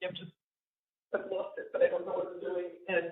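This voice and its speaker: An older woman with a New York accent, talking in a halting, rambling way with many restarts, sounding distressed. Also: fairly low pitch, monotone. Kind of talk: recorded conversation. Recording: tinny phone line, echoey.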